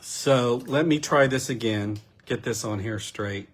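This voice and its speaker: A man giving a casual, unhurried card-making demonstration, chatty and self-deprecating as he works. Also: mid-range voice, slightly rough.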